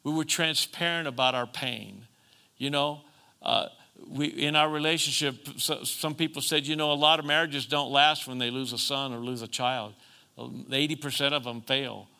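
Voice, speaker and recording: Bright-voiced preaching pastor. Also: male voice, medium pitch, fairly even intonation, normal speed, clean tone. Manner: preachy call-and-response, rising to emphatic then softening. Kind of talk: sermon.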